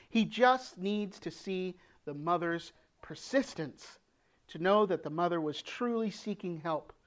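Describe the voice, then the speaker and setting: A woman preaching a sermon, earnest, posing rhetorical questions with dramatic pauses. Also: fairly low pitch. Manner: acts out quoted pleas with rising emotion.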